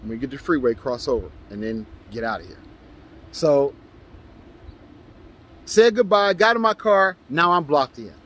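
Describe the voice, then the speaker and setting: A man vlogging, telling a personal story in a casual, animated way and acting out the shouts he traded with others. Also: medium pitch, moderate pace, long pauses. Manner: animated, acts out his own shouts and quotes.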